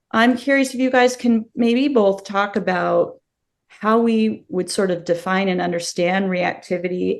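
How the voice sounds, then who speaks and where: A woman from the United States hosting a casual podcast interview over a video call, bubbly and quick to laugh. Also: mid-range voice, creaky. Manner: bubbly and enthusiastic, laughs often. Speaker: podcast host.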